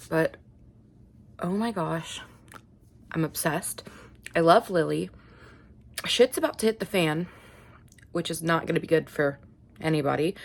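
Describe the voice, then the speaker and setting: A woman's voice: fairly low pitch, gravelly. A young woman chatting in a casual reading vlog, gushing and laughing often as she talks about what she's reading. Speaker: book vlogger.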